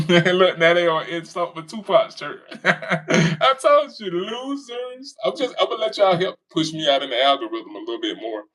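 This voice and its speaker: A man talks back to his commenters, mocking them and laughing often. His voice sits a bit high and swings widely up and down as he teases. It is casual, taunting commentary. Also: lively intonation, fairly quick, few pauses, fairly bright tone. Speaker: commentary streamer reading comments.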